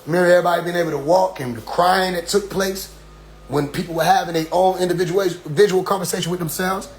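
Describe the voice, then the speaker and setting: A man's voice: high-pitched, steady tone, fast talker. A man in an impassioned address to his followers, preachy and full of rhetorical questions, often repeating "you see?". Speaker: group leader addressing followers.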